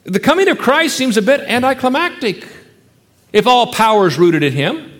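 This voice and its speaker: A man preaching a sermon, emphatic, with rhetorical questions and sudden drops into hushed, quiet passages. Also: very high voice, very animated, normal speed, big-room sound. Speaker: pastor.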